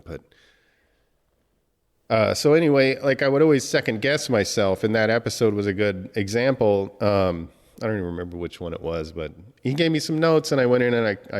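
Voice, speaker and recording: A man hosting a podcast, speaking emotionally in a halting tribute monologue, swearing often and breaking off to collect himself. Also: fairly low pitch, in a large hall. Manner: halting, many restarts and fillers, heavy swearing. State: emotional, choked up. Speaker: podcast host.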